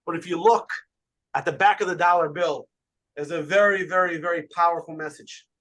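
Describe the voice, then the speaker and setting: A man, a rabbi, giving an animated sermon with stories, often repeating words as he goes. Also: on the high side, a little fast.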